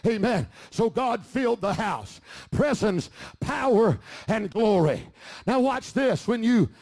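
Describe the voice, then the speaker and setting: A middle-aged man preaching a fervent sermon, often rising to shouts. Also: high-pitched, big pitch swings, slow pace, gravelly. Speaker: pastor.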